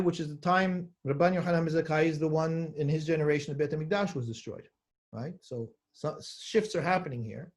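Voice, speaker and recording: High-voiced man teaching a text class. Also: animated. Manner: reads names rapidly, then slows down to stress points and asks the class questions. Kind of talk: lesson reading and explaining a text.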